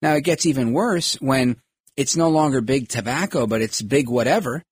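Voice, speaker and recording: A man's voice: mid-range voice, normal speed, breathy edge, no room sound. A man hosting a podcast, giving emphatic political commentary and acting out quoted voices. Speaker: podcast host.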